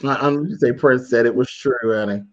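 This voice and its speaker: A man's voice: medium pitch, fairly quick, lo-fi sound. A man hosting a casual chat, sassy and drawling, full of endearments. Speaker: host of an online chat.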